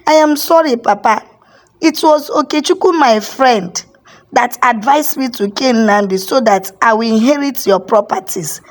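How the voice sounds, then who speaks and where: A woman's voice: a little high, unhurried, natural voice. A woman voicing a guilty grown son who cries, stammers and pleads in tears. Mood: remorseful. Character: grown male son, guilty, wailing under ghostly flogging.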